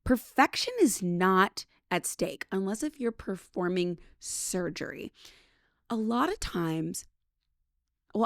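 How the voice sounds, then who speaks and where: A woman from British Columbia hosting her show, telling a story in a chatty, animated way. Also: on the low side, no room sound, clean studio sound. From British Columbia, Canada. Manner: chatty and animated, acts out quotes. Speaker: podcast host. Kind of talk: casual storytelling monologue.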